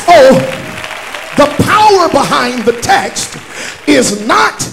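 A man, a bishop, preaching a sermon at a church conference in a chanting, shouted cadence that drops to quiet teaching. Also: very high voice, big pitch swings, slow pace, gravelly, noisy background. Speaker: bishop and pastor. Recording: live church recording with faint music and crowd.

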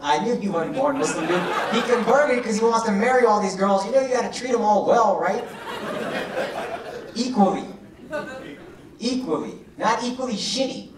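A man's voice: sits high, fast talker, hardly any pauses, very noisy. A male stand-up comedian doing crowd work, brash and profane, teasing people in the audience. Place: comedy club stage. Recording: echoey club from a distance, loud crowd. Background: crowd laughter.

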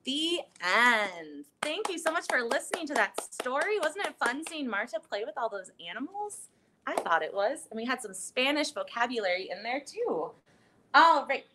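Animated sing-song storytime woman. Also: high voice, moderate pace, noisy background. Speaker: library storytime host. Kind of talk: children's storytime with songs.

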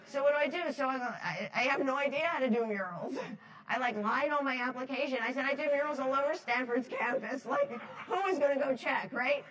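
Animated, chatty woman telling stories. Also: high-pitched, fairly quick, low-quality recording. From New Jersey. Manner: animated, laughing, acts out quoted voices; chatty, many fillers like "like". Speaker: speaker at a foundation talk series. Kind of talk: storytelling talk to an audience.

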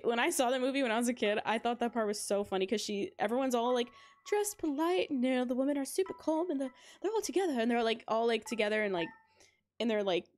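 A woman's voice: medium pitch, a little hiss or hum. A young woman streaming a game live, chatting to her viewers in a giggly, rambling way with lots of fillers. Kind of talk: casual live-stream chat while playing. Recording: game music playing behind. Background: game music.

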